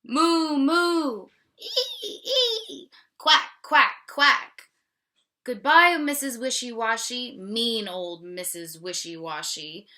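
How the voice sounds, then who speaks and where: A woman voicing a chorus of runaway farm animals, loud and high as they cheer. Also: sing-song, takes it slowly, exaggerated voice. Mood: gleeful.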